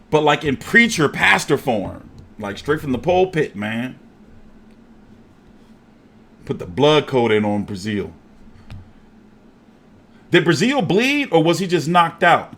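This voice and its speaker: A man hosting a casual boxing show, talking in an animated, profane, jokey way. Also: a little high.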